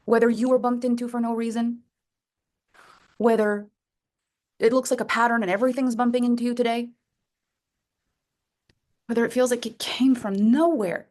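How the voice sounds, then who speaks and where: A woman coaching members of her program on a group call, talking in a lively, playful way and acting out little scenes. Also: a little high, moderate pace, long pauses. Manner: lively, playful, acts out voices. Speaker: coach leading a women's program.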